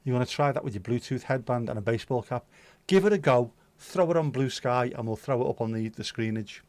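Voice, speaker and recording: A man hosts a relaxed livestream, chatting and reading out viewer comments. He talks in a jokey, sweary, self-mocking way at a middle pitch. His voice sounds dry and close, as if recorded in a room at home. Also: fairly quick, no room sound. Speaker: livestream host.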